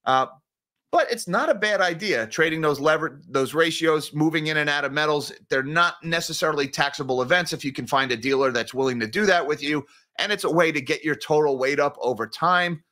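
A man hosts a finance channel in a loose, conversational way. He wanders and corrects himself mid-sentence. His voice is bright and forward, pitched a little high for a man. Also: a little fast. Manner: rambling, conversational, self-correcting. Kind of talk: casual livestream chat reading viewer comments.

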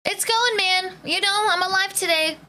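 A woman's voice: extremely high pitch, moderate pace, bright, forceful tone, slight background noise. A woman streamer chatting casually with her live viewers, greeting them by name in playful slang. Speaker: Twitch streamer.

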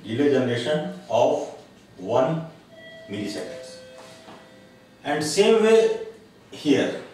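A man delivers a recorded lecture slowly and deliberately, pausing often and filling gaps with hesitations. His voice sits fairly high. The recording is very echoey, with the speaker well away from the mic and faint noise underneath. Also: sing-song, darkish tone, faint music behind. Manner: slow, deliberate explaining with frequent pauses and uh fillers. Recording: very echoey room, voice from a distance, faint background noise.

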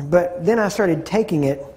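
Male Bible teacher, conversational, warm low-edged tone, slightly high pitch, throat-clearing habit. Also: unhurried. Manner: conversational, repeats phrases for emphasis, clears throat often. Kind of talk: teaching session on scripture.

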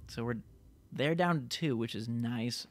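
A young man giving chatty, excitable live commentary while playing a multiplayer game. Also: mid-range voice, a little slow, background noise. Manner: excitable, chatty, reacts loudly to the action. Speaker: gaming YouTuber.

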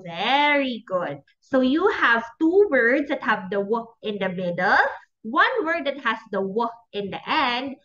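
A woman preschool teacher with a Filipino English accent, slowly sounding out letters and words in a phonics lesson for small children. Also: fairly high pitch, pushed and bright, highs cut off. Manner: sing-song, drawn-out, sounds out letters.

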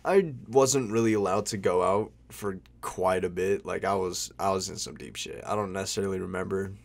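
A man's voice: low voice, moderate pace, vocal fry. A young man telling a story in a casual vlog, rambling and slangy, full of "like" and "bro", swearing freely.

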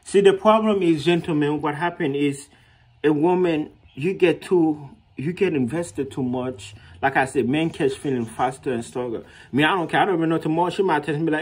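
Husky guy vlogging, casual and slangy, laughs a lot, does high voices for quotes. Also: moderate pace. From Haiti. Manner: animated, laughs often, slangy, acts out quotes with raised pitch. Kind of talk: casual storytelling to camera.

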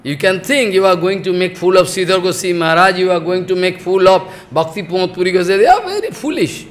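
A man's voice: high-pitched, flat delivery, fast talker. A man giving a sermon as a spiritual teacher, emphatic and scolding. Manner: scolding, emphatic, mixes laughter and mock dialogue.

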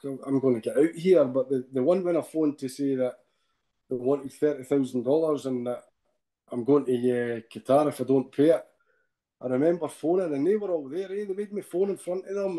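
A Scottish man speaks as a podcast guest in a soft, mellow voice pitched a little high. He tells his story with feeling, halting and restarting, and tags his sentences with "eh?". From Scotland. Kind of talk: personal account in a podcast interview.

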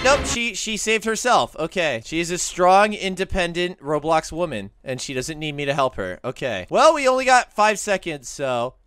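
A young man giving excited gameplay commentary, yelping, laughing and narrating his moves as he plays. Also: sits high, moderate pace, hardly any pauses, soft background music. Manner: animated, yelps and laughs often. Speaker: gaming YouTuber.

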